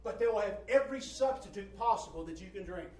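A man's voice: high voice, expressive, fast, darkish tone, slight background noise. A male preacher giving an emphatic sermon, swelling and dropping his voice and repeating phrases for effect. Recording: roomy hall from a distant mic, faint ambience.

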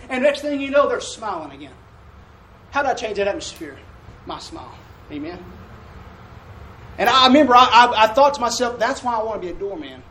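Folksy preacher in an echoey church. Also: male voice, high-pitched, animated, fairly quick, a bit bright, slight background noise. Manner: folksy call-and-response preaching with asides. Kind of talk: sermon. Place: church sanctuary. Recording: echoey room from a distant mic.

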